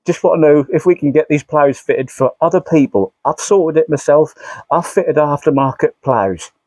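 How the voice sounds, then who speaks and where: A man's voice: on the high side, moderate pace, darkish tone, dry recording. Rambling, self-mocking man. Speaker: model railway YouTuber. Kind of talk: casual vlog chat.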